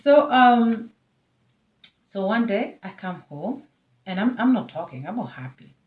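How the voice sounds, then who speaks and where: A woman's voice: mid-range voice, sing-song, unhurried. Kenyan woman vlogger, storytime delivery, emphatic and chatty, addresses the viewer directly; phone-like sound. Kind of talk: storytime vlog. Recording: tinny, phone-like and roomy.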